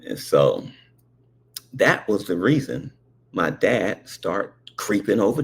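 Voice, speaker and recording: A man's voice: lowish voice, wildly swooping pitch, slow pace, gravelly, slightly rough. A man telling a comic story about his childhood, stammering at times and acting out the voices of the people in it. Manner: stammering, acts out quoted voices.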